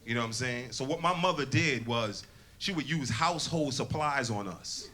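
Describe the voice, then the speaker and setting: A Connecticut man performs stand-up at a comedy club, spinning stories full of loose slang and profanity. He speaks at a normal speed in a mid-range voice that sounds pushed and bright, with a live audience laughing along.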